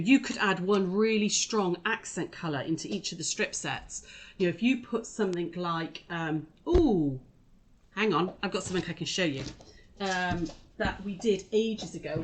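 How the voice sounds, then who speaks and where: A quilting shop host with a lowish voice runs a casual live quilting demonstration, chatting and rambling straight to her viewers. Slight background noise can be heard.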